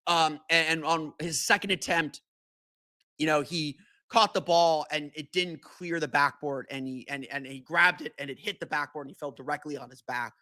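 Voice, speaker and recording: A man's voice: fairly high pitch, fairly even intonation, normal speed, pushed and bright, no echo. A man hosting a solo sports podcast, talking casually with many restarts and fillers. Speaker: podcast host.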